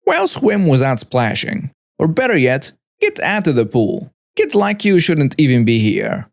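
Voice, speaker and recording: A man's voice: a little high, wildly swooping pitch, a little slow, vocal fry, heavily acted. A man voicing a hostile, entitled middle-aged woman who screeches with contempt during a story narration. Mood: scolding.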